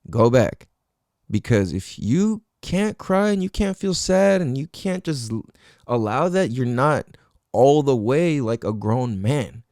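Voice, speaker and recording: Young man, podcast host, casual storytelling, slang and swearing, lively swooping pitch, dry close sound. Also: no room sound. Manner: animated, profane street slang, heavy use of fillers like "like" and "you know".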